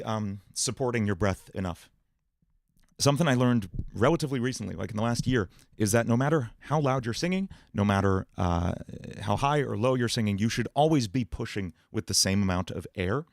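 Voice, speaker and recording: A man hosting a livestream Q&A about singing and voice, explaining in a relaxed way with many fillers. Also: fairly low pitch, brisk, no echo, clean studio sound. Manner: relaxed explaining, many fillers, breaks into sung and put-on voice demos. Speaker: music producer and livestream host.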